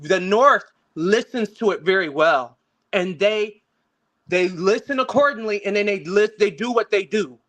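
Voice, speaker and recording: A man with a somewhat higher voice than most men, hosting a casual online talk. He rambles, circles back to the same points and swears now and then. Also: animated, measured pace, a bit bright. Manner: rambling, repeats himself, swears. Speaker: panel host. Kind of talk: casual panel discussion. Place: online video call.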